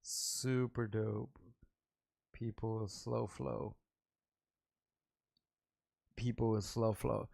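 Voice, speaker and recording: A middle-aged man from Los Angeles, a rapper hosting his own vlog, telling loose, profane, rambling stories full of quick asides. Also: fairly low pitch, little pitch movement, gravelly, warm tone, no echo, studio quality. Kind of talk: casual storytelling to camera.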